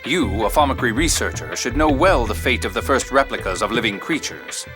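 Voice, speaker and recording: An actor playing a composed male scientist in a video game, speaking in a calm, formal, coolly cutting way. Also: medium pitch, a little fast, close to an everyday voice. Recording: game audio with music behind.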